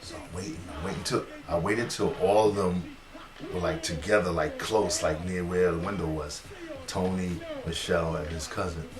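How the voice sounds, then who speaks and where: A man's voice: low-pitched, moderate pace, reverberant, crowd noise. A man telling a funny neighborhood story in casual style, laughing and acting out voices. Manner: animated, laughs at own story, acts out voices.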